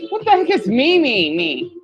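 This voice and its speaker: A woman's voice: high voice, normal speed, music in the background, rough recording. A woman streamer chatting casually as she reacts to songs and talks to her viewers by name. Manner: excitable, talks to chat by name.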